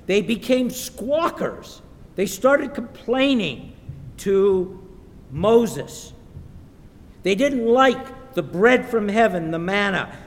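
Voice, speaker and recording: A man preaching a sermon in a church, slow and emphatic, sometimes acting out the voices of the people in his stories. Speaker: pastor. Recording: echoey hall with faint rumble.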